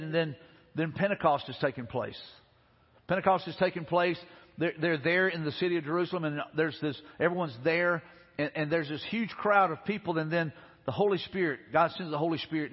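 A man's voice: fairly high pitch, breathy edge. A man pastor preaching a sermon, retelling scripture in a conversational way with frequent restarts. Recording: reverberant hall, dull lo-fi sound.

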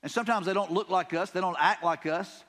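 Southern pastor, folksy and high-voiced. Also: male voice, fast talker, a bit bright, in a large hall. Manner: conversational, folksy, repeats himself, paraphrases scripture casually. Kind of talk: sermon. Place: church sanctuary.

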